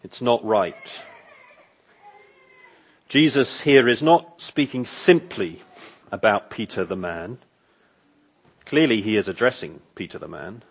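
Slow, emphatic male preacher, husky. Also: lowish voice, lively intonation, highs cut off. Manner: slow, emphatic preaching with rising repeated phrases. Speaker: pastor. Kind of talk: sermon.

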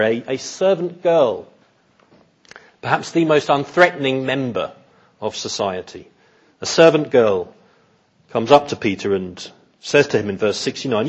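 A man delivers an expository sermon in an earnest, measured manner, restarting phrases as he works through his point. His voice is somewhat husky and of middle pitch. The recording sounds a little dull and lo-fi. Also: lively intonation. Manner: measured, earnest, repeats words while thinking. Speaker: preacher.

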